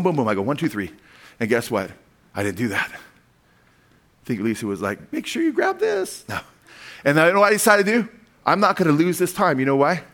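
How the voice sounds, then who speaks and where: Middle-aged pastor guy preaching, lively, keeps asking amen, a bit high voice. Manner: animated preaching with call-and-response amens. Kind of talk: sermon.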